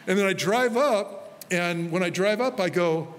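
Fairly high-voiced pastor, chatty sermon. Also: male voice, measured pace. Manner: conversational preaching with anecdotes. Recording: faint hall reverb with light noise.

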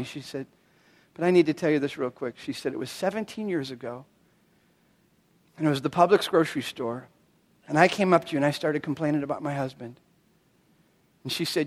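A middle-aged man preaching a sermon as a pastor, telling stories with animated delivery and acting out the voices of the people he quotes. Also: on the high side. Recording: long reverb of a large hall.

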